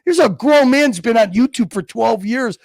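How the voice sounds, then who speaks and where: A man's voice: extremely high pitch, animated, moderate pace, dry recording, studio quality. A man hosting a livestream, ranting and mocking people in a heated, profane way. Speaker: livestream host.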